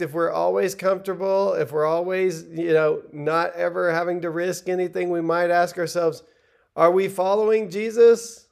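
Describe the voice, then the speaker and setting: A man's voice: a little high, gravelly, a little mellow. A middle-aged man preaching a sermon in an earnest, conversational way, retelling the text and stumbling over restarts now and then.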